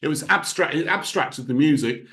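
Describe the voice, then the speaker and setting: A man's voice: a little high, expressive, moderate pace, a bit bright. A man, a composer, giving an informal spoken talk on music, thinking aloud and humming rhythms as da-da-da.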